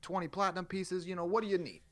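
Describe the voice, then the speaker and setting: A man's voice: sits high, steady tone, fast talker, fairly bright tone. A man playing a tabletop game, talking casually with the group. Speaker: player.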